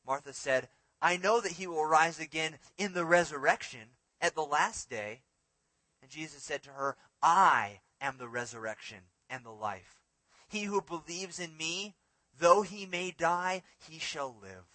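A male preacher delivering a sermon with a bright, forward voice pitched a little high. He swings from emphatic, raised phrases down to hushed, near-whispered lines. The recording is dry and close. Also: unhurried, no room sound, rough recording. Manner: expressive, rising to emphatic peaks and dropping to hushed lines.

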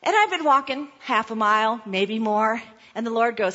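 Animated woman preaching, bright voice. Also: on the high side, normal speed, lo-fi sound. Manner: animated, playful storyteller with asides. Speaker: pastor. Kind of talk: sermon with personal storytelling.

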